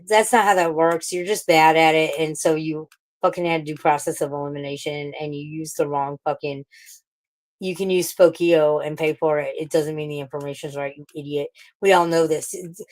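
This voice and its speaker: Woman, St. Louis native, slightly low voice, casual profane ranter on a stream panel. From St. Louis, USA. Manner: profane, ranting, rambling with restarts. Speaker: livestream panel participant. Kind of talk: casual livestream chat.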